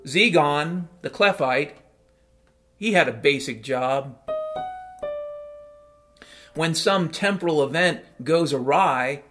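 A man's voice: on the high side, expressive, slow pace, long pauses, fairly bright tone. A man telling a first-person story in a casual, wry, matter-of-fact way, over piano music.

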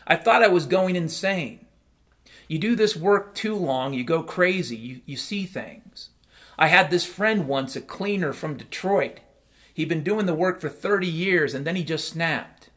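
A man's voice: a little high, expressive, unhurried, a bit bright. Wry man narrating over piano. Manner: casual, wry, matter-of-fact. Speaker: storyteller. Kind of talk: first-person story narration. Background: piano music.

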